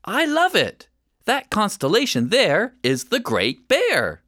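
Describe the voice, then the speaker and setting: A storyteller voicing a mother who explains things calmly to her children. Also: medium pitch, measured pace. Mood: delighted. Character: the mother, calm and knowing about camping.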